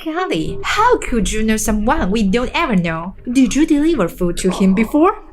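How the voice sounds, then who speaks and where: A woman's voice: a little high, very animated, moderate pace, a little hiss or hum. A woman voicing a cruel, spoiled young rich woman who taunts and mocks in a dubbed drama. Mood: taunting. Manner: taunting, mocking.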